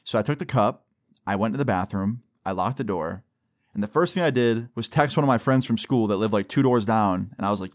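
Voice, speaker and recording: A lowish voice belongs to this young man, who speaks fairly quickly. He tells a personal story in a loose, casual style peppered with profanity, plenty of "like," and frequent "right?" tags.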